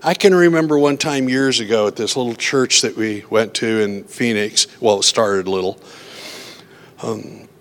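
A man's voice: mid-range voice, normal speed, fairly bright tone. A man preaching in a conversational way, telling personal stories and acting out his own worried thoughts in quotes. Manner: earnest, acts out his own inner voice in quotes. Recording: long reverb of a hall.

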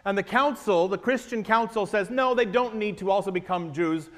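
A man preaching a sermon as a pastor, animated, swinging between loud emphasis and hushed asides. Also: high voice, moderate pace. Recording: long echo of a large hall, faint mains hum.

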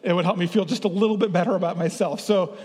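A middle-aged pastor with a high-pitched voice leads an interactive sermon, playful and drawing his congregation in. His words ring out with a long reverb through a church sanctuary. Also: fairly even intonation, fast talker, darkish tone, slightly rough.

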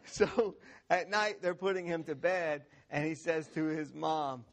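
A man pastor giving a sermon in a church, telling a funny story with an animated, laughing manner and lots of restarts. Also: on the high side, measured pace.

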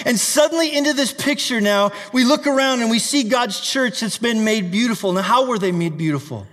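A male pastor preaches with fervor, reading scripture aloud and urging his listeners. His voice sits very high for a man. The recording carries a long, echoing reverb, as in a large hall. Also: fairly quick, hardly any pauses, a bit bright. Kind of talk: sermon.

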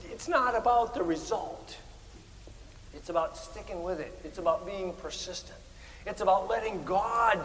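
A man preaching a Presbyterian sermon, animated, with emphatic rises on key words. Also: on the high side, in a large hall, poor audio. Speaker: pastor.

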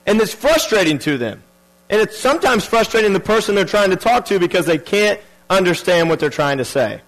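A man's voice: high-pitched, expressive, a little fast, fairly bright tone, rough recording. A man preaching a sermon earnestly, repeating key phrases and restarting his sentences.

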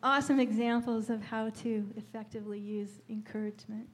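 A woman's voice: fairly high pitch, fairly even intonation, fairly quick, slight background noise. A woman leading a church teaching session, enthusiastic as she shares what she learned at a counseling workshop. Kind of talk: teaching talk.

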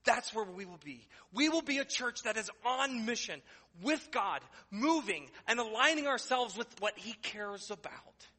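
A man's voice: high voice, expressive, a little slow, pushed and bright, slightly rough, big-room sound. A man preaching a sermon as pastor in a church, conversational and joking, building to emphatic declarations. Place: church sanctuary.

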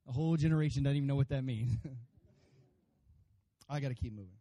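A pastor preaching a sermon to his congregation, animated and playful, acting out voices and calling for amens. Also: medium pitch, slow pace. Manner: animated, acts out funny voices for God and congregants; addresses congregation by name, calls for amens.

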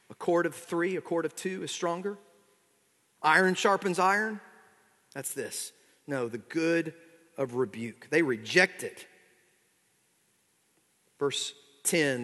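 Guy preaching a sermon, kinda high voice, big echoey hall, goes quiet then gets in your face. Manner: expository preaching, swings from quiet asides to emphatic exhortation. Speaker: pastor.

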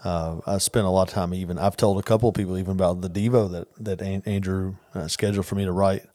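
A man co-hosting a casual podcast chat, telling stories in an earnest, animated way. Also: low voice, fast talker, dry recording. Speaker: podcast co-host.

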